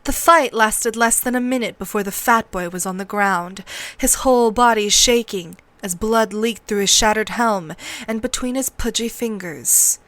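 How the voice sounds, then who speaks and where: A woman narrating a novel aloud in a measured, steady read-along style, close to the mic. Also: medium pitch, no room sound.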